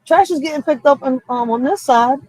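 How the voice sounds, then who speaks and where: This is a woman with a Philadelphia accent sounding off in a casual vlog, blunt and full of profanity. Her voice sits high, and the sound is dry and close with no room around it. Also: fairly quick, darkish tone, dry recording, low-quality recording. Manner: blunt, profane, fired-up street talk. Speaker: block captain and vlogger.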